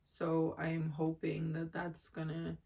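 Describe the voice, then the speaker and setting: An emotional woman from Jamaica speaks candidly in a personal vlog, drifting from thought to thought. Her pitch stays flat and even throughout. She talks with open, rambling honesty. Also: a little slow, gravelly. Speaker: vlogger.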